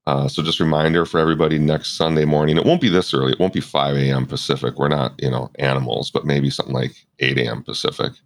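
A man hosting a podcast in casual chat, animated and joking, his voice jumping up when he gets excited. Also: rumbling low, fast, few pauses, poor audio. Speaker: podcast host.

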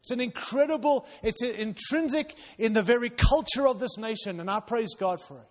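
High-voiced impassioned male pastor. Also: fairly quick. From outside the United States. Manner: impassioned, swings between loud urging and quiet intensity. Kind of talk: sermon. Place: church hall. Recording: long reverb of a large hall.

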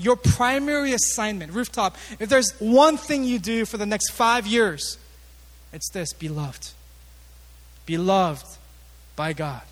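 A man preaching a sermon as pastor, conversational with joking asides and animated emphasis. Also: high voice. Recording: long reverb of a large hall.

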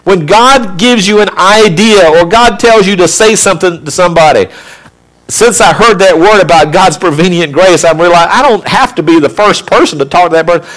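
A man's voice: sits high, a little fast, fairly bright tone. A middle-aged man preaching a sermon. His voice often rises in emphasis, and he briefly imitates children and mothers. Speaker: pastor.

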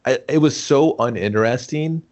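A man's voice: mid-range voice, normal speed, darkish tone. A man co-hosting a podcast, cracking profane jokes and mocking a movie with quoted asides. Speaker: podcast co-host. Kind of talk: casual movie-review banter.

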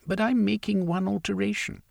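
A man voicing a proud, sharp-tongued woman who leads a political group, combative and sarcastic in an audiobook story. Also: high voice, steady tone, normal speed, creaky, dry recording, clean studio sound, pitched above the performer's own voice. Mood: defiant.

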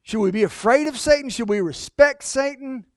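A male pastor preaching a sermon in an animated, emphatic storytelling way. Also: very high voice, moderate pace, dry recording, studio quality.

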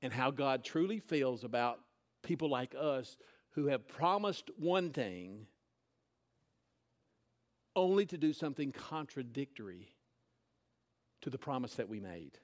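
A man's voice: mid-range voice, expressive, unhurried, pauses often. A man preaching a sermon, retelling a scripture story in casual, conversational words. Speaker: pastor.

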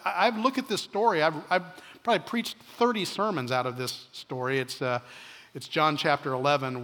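A male pastor preaching an earnest sermon, slowing down to stress key points and dropping to soft, quiet asides. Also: mid-range voice. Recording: reverberant hall.

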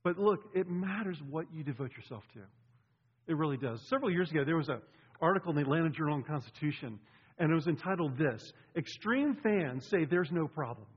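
A middle-aged male pastor delivers a sermon in a relaxed, conversational way and often turns to the congregation with asides. His voice sits a bit high and sounds husky and a little breathy. The recording is dull and lo-fi, with a long reverb from the church hall. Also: brisk. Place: church sanctuary.

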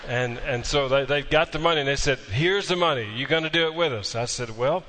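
A man's voice: medium pitch, brisk, pushed and bright, slight background noise. A male pastor delivers a sermon. He tells a story with a dry, folksy humor and drives his points home with emphatic repetition. His voice carries a long reverb from a large sanctuary.

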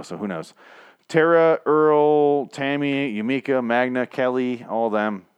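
A man's voice: on the low side, clean tone, dry recording. A man running a solo podcast, recapping a TV episode in a rambling, profane, self-mocking way.

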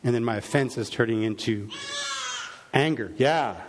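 A middle-aged man, a pastor, preaching a sermon in a relaxed storytelling way, full of restarts and fillers. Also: mid-range voice, normal speed, noisy background. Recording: reverberant hall.

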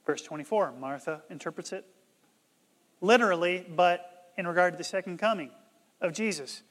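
A man preaching a sermon as pastor, emphatic and surging loud on key words, often stumbling and restarting his words. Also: high-pitched, normal speed, big-room sound.

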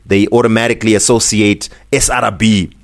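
A man from Zimbabwe co-hosting a podcast, ranting in a casual, animated way and laughing often. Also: on the low side, a little fast. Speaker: podcast co-host.

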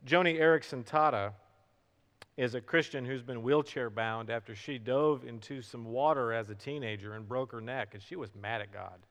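Preaching man in a reverberant hall. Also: medium pitch. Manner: dramatic swings from hushed to loud with slow emphatic words. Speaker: pastor. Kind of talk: sermon.

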